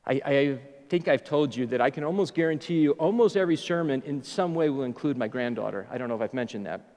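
A middle-aged man preaching a sermon as a pastor, an animated storyteller who jokes his way through. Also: medium pitch, fast, in a large hall.

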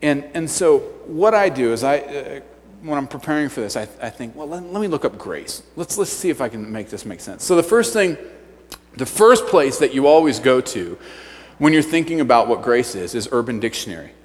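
Youth pastor preaching in a reverberant hall. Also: male voice, medium pitch, very animated, normal speed. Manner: swings from hushed near-whispers to loud shouting. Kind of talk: sermon. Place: church sanctuary.

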